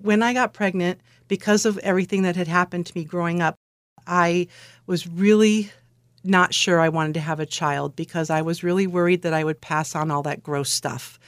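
A middle-aged woman from California talking as an interview guest, an animated storyteller who laughs often and acts out what people said. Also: fairly low pitch, moderate pace, no echo, clean studio sound. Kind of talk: conversational interview.

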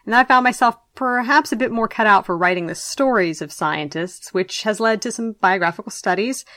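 A woman's voice: mid-range voice, a bit bright. Young woman, neutral American with a Southern twang. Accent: neutral American with a slight Southern twang. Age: young adult. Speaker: guest, history writer. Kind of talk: conversational interview, partly reading a prepared intro.

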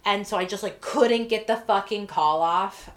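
A woman guest on a podcast, telling a work story in a casual, lively way, swearing freely and acting out what people said. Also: medium pitch, moderate pace. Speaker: podcast guest, corrections treatment provider.

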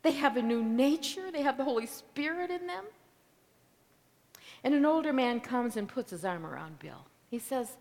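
A woman preaches with a slightly high voice, slow and deliberate, letting each phrase land. She swings from loud declarations down to near whispers for effect. Her voice rings with the long reverb of a large hall. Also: big pitch swings. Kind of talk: sermon storytelling.

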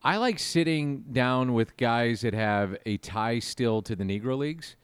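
A man co-hosting a casual podcast chat, a baseball broadcaster speaking in a relaxed, reflective way. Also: medium pitch, unhurried, clean tone, no echo. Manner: relaxed and reflective, with small restarts.

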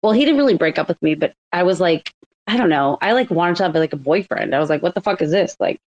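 A woman's voice: lowish voice, animated, fast, a little mellow, dull audio. Chatty Boston-woman host, laughing. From Massachusetts. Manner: laughing, storytelling, lots of "like". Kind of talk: casual chat.

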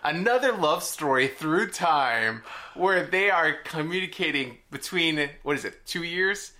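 A man co-hosting a podcast, chatting casually with joking deadpan asides. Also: on the high side, measured pace. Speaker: podcast co-host. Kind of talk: casual chat.

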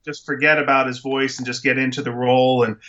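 A man's voice: mid-range voice, level tone, quick pace, sharp tone, highs cut off. A man co-hosting a podcast, chatting casually about a movie in a rambling, emphatic way full of restarts. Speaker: podcast co-host. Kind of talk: casual movie review chat.

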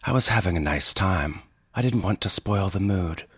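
A man voicing a calm, wry man in power armor, speaking in a dry, measured way in an audio fiction reading. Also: low voice, breathy edge, dry recording, voice pushed up, exaggerated voice. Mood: persuasive.

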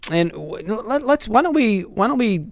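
Animated man with a smooth, fairly high voice. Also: moderate pace, dry recording. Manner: animated, repeats words when starting a sentence. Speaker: financial advisor co-hosting a radio show. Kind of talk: casual radio chat.

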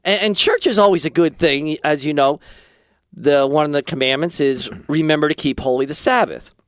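A man's voice: fairly high pitch, normal speed, no room sound, clean studio sound. A man hosting a talk show in casual chat, rambling and joking, drifting into preachy asides.

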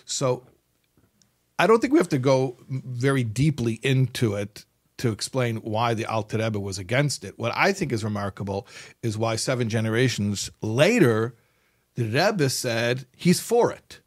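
A man interviewing a guest, explaining points in a measured, thoughtful way. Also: mid-range voice, animated. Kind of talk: conversational interview.

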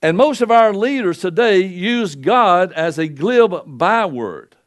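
An older pastor preaching a folksy sermon into a pulpit microphone, swinging between loud and soft. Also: male voice, animated, takes it slowly. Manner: folksy preaching with wide swings in pitch and loudness.

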